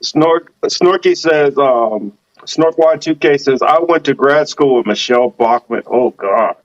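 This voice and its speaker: A man's voice: medium pitch, measured pace, lo-fi sound. A man hosting a casual panel podcast, teasing his guests and swearing freely. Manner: joking, profane, teasing the panel. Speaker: podcast host.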